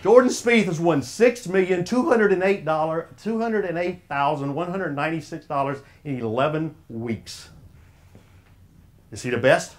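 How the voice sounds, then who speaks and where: His voice is a little high and moves at a moderate pace as this Southern US man motivates a room of sports officials. The talk, given at an officials' association, is folksy and preacher-like, and he questions the audience as he goes.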